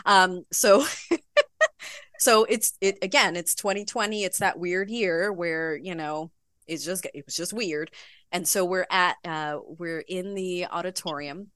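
A young woman tells a lively story as a podcast guest, breaking into laughter often. Her voice is bright and forward. The sound is dry and close. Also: fairly low pitch, slow, dry recording. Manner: giggly, animated, laughs often. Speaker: podcast guest, bodybuilding pro. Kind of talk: casual storytelling interview.

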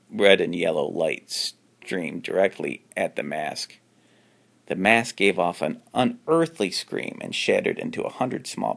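A man reads a homemade spooky story in a deep, gravelly voice. He trips over words and restarts lines as he goes. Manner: unpolished reading with frequent restarts; jumps up in pitch for characters' lines. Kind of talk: reading a homemade horror story aloud.

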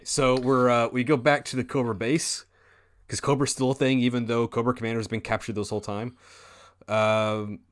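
A man co-hosting a podcast, recapping a film and asking questions in loose, filler-heavy casual chat. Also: mid-range voice. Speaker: podcast co-host. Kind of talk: casual movie discussion.

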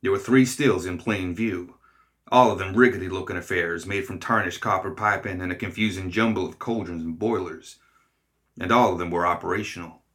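Low-voiced, bright storybook narrator. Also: male voice, fairly quick. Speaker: reader.

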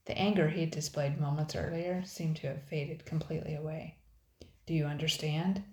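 Sex: woman. Style: storybook reading, measured. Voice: low. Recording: echoey room. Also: fairly even intonation, dark tone. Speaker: narrator.

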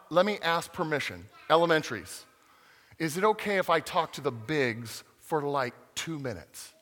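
Playful children's pastor, bright lively voice, lots of pitch swing, recorded in an echoing church hall. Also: male voice. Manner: playful, interactive, acts out voices. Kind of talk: animated family sermon to kids and adults.

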